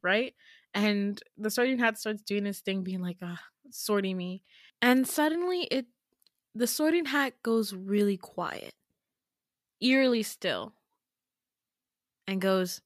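Animated young woman telling a story. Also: mid-range voice, takes it slowly, long pauses, dry recording, clean studio sound. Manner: animated, laughing, swearing freely. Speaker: podcast host. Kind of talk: casual storytelling.

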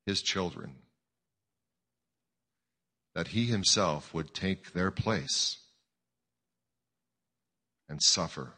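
Male preacher, earnest and reflective, with a bright, husky voice. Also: low-pitched. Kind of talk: sermon with a dramatic reading. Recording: long hall reverb.

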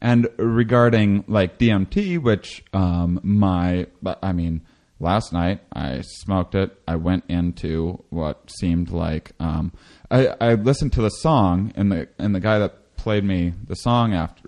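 A man talking casually in a rambling way, with many restarts, who acts out quotes in a high excited voice. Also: takes it slowly. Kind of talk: casual conversation.

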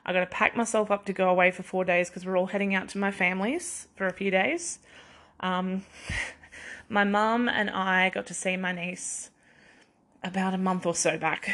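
Speaking in a lowish, slightly bright voice, a young woman runs her solo podcast with chatty, wandering talk. She pokes fun at herself and laughs frequently.

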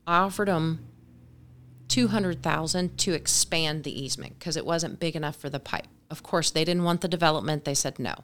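Brisk, lower-pitched woman telling a story. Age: 40s. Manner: brisk, animated, acts out dialogue. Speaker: guest. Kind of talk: casual storytelling.

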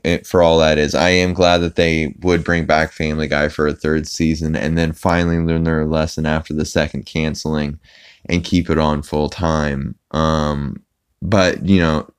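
A man's voice: sits low, clear, resonant tone. A man hosting a podcast, recapping an episode casually in a rambling way with many fillers. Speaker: podcast host.

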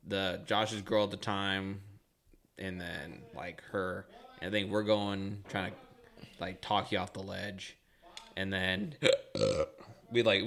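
A man's voice: low-pitched, a bit bright, a little hiss or hum. A young man co-hosting a podcast, telling rambling stories in casual chat, swearing and laughing often. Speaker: podcast co-host.

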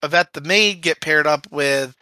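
Brief: chatty co-host, bright tone, dry booth sound, animated plot recap. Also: medium pitch, moderate pace, no echo, rough recording. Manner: lively storyteller, acts out quotes. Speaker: podcast co-host. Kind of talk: casual movie recap chat.

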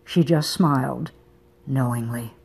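Audiobook narrator, woman, low husky mellow voice, soft intimate delivery. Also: takes it slowly. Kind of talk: scripted narration of a romance novel.

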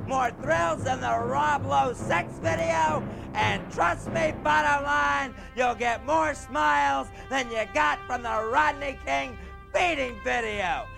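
A man's voice: extremely high pitch, takes it slowly, vocal fry, over music, full character voice. A man putting on a brash, boastful male pro wrestler who hypes a tape with bellowing, flamboyant patter. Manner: flamboyant, bellowing huckster patter with whooping cries.

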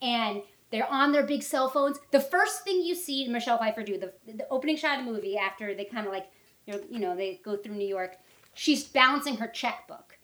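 High-voiced woman telling a story. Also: brisk, roomy sound. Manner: animated storytelling, acts out quotes. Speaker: podcast co-host. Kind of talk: casual chat.

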